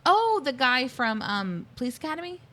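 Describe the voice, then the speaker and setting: A woman's voice: high-pitched, moderate pace. A woman co-hosting a podcast, chatting casually about a movie and acting out quotes from it with lots of fillers. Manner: animated storyteller, acts out quotes. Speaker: podcast co-host. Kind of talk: casual movie review chat.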